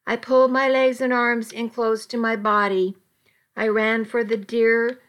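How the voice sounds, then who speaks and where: Slow, dramatic woman storyteller. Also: mid-range voice. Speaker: narrator. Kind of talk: first-person story narration.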